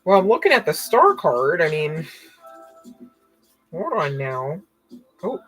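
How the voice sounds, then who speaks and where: A woman giving live tarot readings to viewers, excitable and thinking aloud as she turns cards. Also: sits low, slow pace, breathy edge, faint music behind, poor audio. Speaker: tarot reader.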